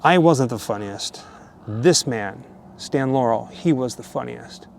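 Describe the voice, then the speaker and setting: A man's voice: medium pitch, measured pace, gravelly, slight background noise. Man chatting casually at graves. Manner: relaxed, chatty, chuckling asides. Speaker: vlogger, host. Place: outdoor cemetery.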